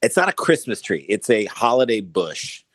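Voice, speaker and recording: A man's voice: fairly low pitch, very animated, a bit bright, slightly rough, no room sound. A man co-hosting a comedy podcast, telling funny stories in casual banter. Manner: joking, quick storytelling with asides. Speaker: podcast co-host.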